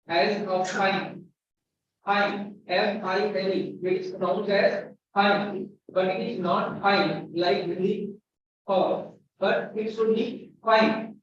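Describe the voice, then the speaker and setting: A man's voice: sits high, fairly even intonation, slow, a little hiss or hum. A man with an Indian English accent teaching a pronunciation lesson, spelling out words letter by letter and repeating each one. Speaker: university lecturer. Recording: dull echoey room from far off.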